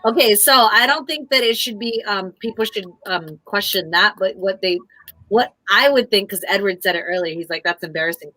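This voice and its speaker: A woman co-hosting a live stream, chatting playfully with quick asides. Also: medium pitch, bright, forceful tone, dry recording, faint music behind. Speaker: co-host. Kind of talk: casual live-stream chat.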